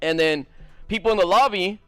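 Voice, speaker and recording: High-voiced, profane male gaming streamer. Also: clean tone, no echo, soft background music. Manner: animated, profane, fast-rambling. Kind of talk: casual storytelling stream chat.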